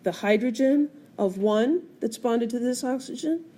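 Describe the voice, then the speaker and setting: A woman's voice: fairly high pitch, animated, unhurried, warm tone. A woman teaching chemistry in a screencast lecture, explaining step by step and putting questions to the class. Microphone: tablet screencast recording.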